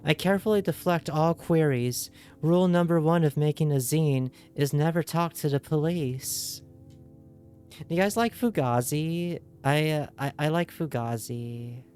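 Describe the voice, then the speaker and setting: Speaking at a moderate pace in a low, slightly mellow voice, a woman streams a video game and reads its text aloud. Her put-on accent is loose and inconsistent, and she giggles and jokes playfully with viewers while faint game music plays.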